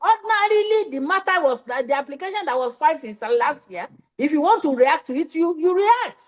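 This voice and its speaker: A woman's voice: high voice, animated, a little fast. A woman judge, stern and scolding as she presides over a court hearing. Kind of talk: courtroom proceedings.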